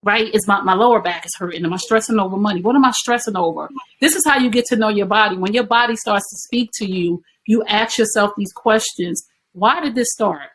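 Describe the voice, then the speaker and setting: A woman's voice: medium pitch, a little fast, a bit bright, poor audio. A woman being interviewed, explaining her points in a teaching way and asking herself rhetorical questions that often end in "right?". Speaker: guest. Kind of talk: conversational interview.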